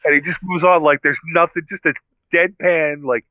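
A man co-hosting a podcast, retelling movie scenes in an animated, casual way with lots of fillers. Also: on the high side, moderate pace, very noisy. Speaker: podcast co-host.

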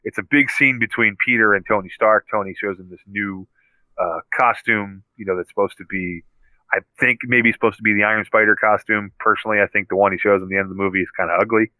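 Guy on a podcast rattling through movie scenes, fast and crisp, lots of you-knows, dry sound. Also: on the low side, no echo, rough recording. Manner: animated retelling of scenes, many "you know" fillers. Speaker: podcast co-host. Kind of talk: casual movie chat.

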